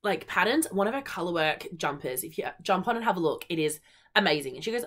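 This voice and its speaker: A young Australian woman hosting her knitting podcast in a chatty, high-energy way, full of ums and likes. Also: lively intonation, fast, a bit bright. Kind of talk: casual solo chat.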